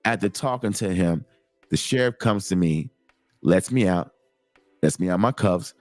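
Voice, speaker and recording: A middle-aged man hosting a show, telling a personal story in a casual, animated, digressive way. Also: deep voice, a little slow, dry recording, faint music behind. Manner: animated, digressive, lots of repeated starts. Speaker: host.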